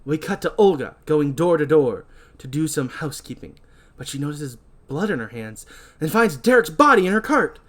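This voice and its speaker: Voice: medium pitch, big pitch swings, normal speed. A podcast host casually recapping a horror movie, chatty and full of fillers. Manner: chatty, filler-heavy, laughing.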